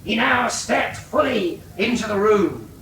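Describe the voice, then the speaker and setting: Animated male comic storyteller. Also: slow. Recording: roomy distant recording, faint rumble.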